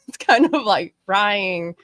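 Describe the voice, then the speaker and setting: A woman's voice: mid-range voice, expressive, takes it slowly, crowd noise. A woman co-hosting a podcast in casual chat, laughing easily and speaking with lots of fillers. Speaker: podcast co-host.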